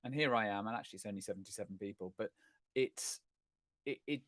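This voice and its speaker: A man's voice: lowish voice, fast talker, fairly bright tone, no room sound. Chatty, rambling man, dry sound. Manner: chatty, rambling, self-correcting, self-deprecating. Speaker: host of a live chat stream. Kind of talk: casual chat answering viewer questions.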